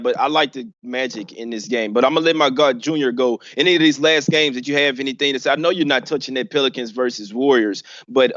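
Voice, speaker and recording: A man's voice: medium pitch, a bit bright, no echo, lo-fi sound. A man hosting a sports betting show, talking in a loose, slangy and laid-back way. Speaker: show host. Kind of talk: casual betting show chat.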